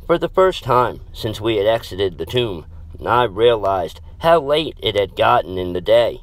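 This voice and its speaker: Slow, low-voiced male horror narrator. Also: very animated, dry recording. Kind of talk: scripted horror story narration.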